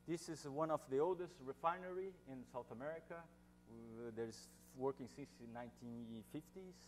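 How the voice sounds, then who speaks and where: A man with a Brazilian Portuguese accent giving an academic seminar talk, speaking informally with jokes, many fillers and restarts. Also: mid-range voice.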